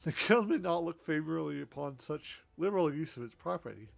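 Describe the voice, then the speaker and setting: A man's voice: fairly high pitch, lively intonation, a little fast, vocal fry, voice pushed up. A man reading a prim guild official. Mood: formal. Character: fussy formal male guild official.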